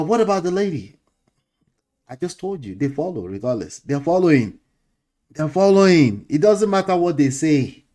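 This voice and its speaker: Middle-aged Nigerian male host, relaxed preachy commentary with laughs and slang, soft music bed. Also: on the high side. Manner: lecturing, chuckling, mixes in pidgin slang. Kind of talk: casual commentary monologue.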